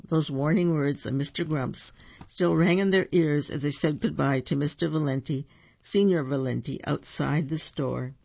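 A storybook reader with a gravelly, unhurried voice reads a picture book aloud, occasionally pausing to remark on the illustrations. His voice is mid-range and darkish, and the recording sounds dull and lo-fi.

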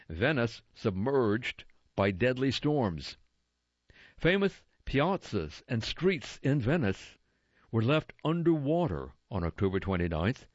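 A man reads a news magazine aloud at a slow, careful pace, describing the page layout and saying quote and unquote around each quotation. His pitch rises and falls widely as he reads. The recording is dry and a little dull. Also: dry recording. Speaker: magazine reader for listeners.

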